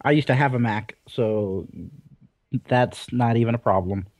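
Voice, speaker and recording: A man's voice: mid-range voice, a little slow, darkish tone, no room sound. A young man co-hosting a casual gaming podcast, rambling and teasing in a laid-back way. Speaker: podcast co-host.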